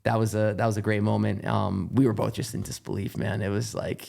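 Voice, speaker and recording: A man's voice: lowish voice, little pitch movement, fairly quick, creaky, a little mellow. An American man telling stories as a podcast guest, rambling and filling with "like," swearing casually. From United States. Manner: rambling, heavy use of "like", restarts sentences, swears casually. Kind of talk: casual interview storytelling.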